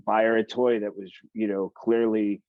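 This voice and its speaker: A man hosting an interview, talking casually with halting restarts and praise for the guest's work. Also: on the low side, level tone, no room sound. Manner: warm, complimentary, halting restarts. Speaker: podcast host. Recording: dull dry lo-fi sound.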